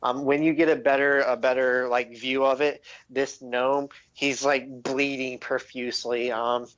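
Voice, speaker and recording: A young man narrating a tabletop game as game master, halting with many fillers. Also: mid-range voice. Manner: halting, many ums and likes. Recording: dull lo-fi audio.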